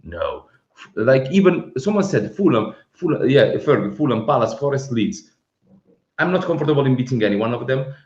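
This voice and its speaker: A man co-hosting a casual football podcast, talking in an animated, emphatic way and repeating words when he presses a point. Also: medium pitch, brisk. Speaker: podcast co-host. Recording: roomy, slightly dull remote audio.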